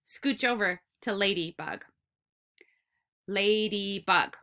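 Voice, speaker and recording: Slow, bright-voiced kindergarten teacher woman. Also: medium pitch, sing-song. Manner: slow, encouraging, drawn-out words for children. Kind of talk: recorded lesson for young children.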